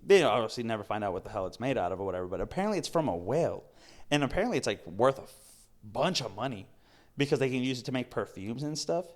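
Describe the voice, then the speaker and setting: A man's voice: mid-range voice, animated, fast. A young man co-hosting a podcast, chatting casually, a laid-back storyteller who swears and laughs often. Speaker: podcast co-host. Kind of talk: casual chat.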